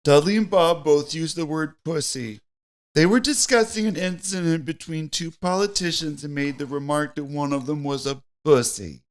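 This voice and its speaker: A man co-hosting a podcast in casual chat, reading listener complaints aloud in a lively way. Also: fairly high pitch, normal speed. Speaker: podcast co-host.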